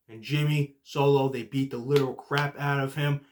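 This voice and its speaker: A young man hosting a casual podcast recap, excitable and full of "like" and "literally", swinging from low muttering to shouting. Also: a little fast, few pauses. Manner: heavy use of filler like "like" and "literally". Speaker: podcast host.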